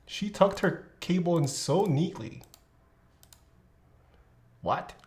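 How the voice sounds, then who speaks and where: Female streamer, casual desk-mic chat, lively pitch, exclamatory and giggly. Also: slow pace. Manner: animated, exclamatory, laughs often. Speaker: streamer building a keyboard.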